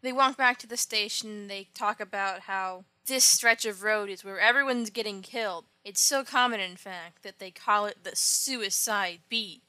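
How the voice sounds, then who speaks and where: A woman's voice: medium pitch, normal speed, few pauses, pushed and bright, no room sound. A woman casually retelling an old comic book story, with wry offhand asides. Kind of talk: casual comic recap narration.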